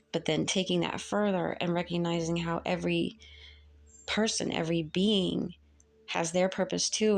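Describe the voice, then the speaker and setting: A woman giving a casual spoken tarot reading, halting and earnest as she searches for words. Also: on the low side, gravelly. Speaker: tarot reader.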